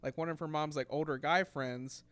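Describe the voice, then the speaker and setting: A man's voice: fairly high pitch, fairly even intonation, moderate pace, fairly bright tone. A young man telling a story in casual podcast chat, rambling with many fillers and acting out quotes. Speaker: podcast co-host.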